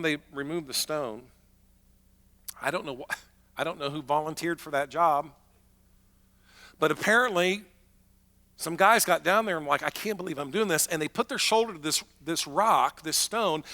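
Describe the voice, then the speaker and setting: A man's voice: a little high, bright, forceful tone, long reverb tail. A man preaching a sermon as pastor, telling the story in a chatty, conversational way with acted-out asides.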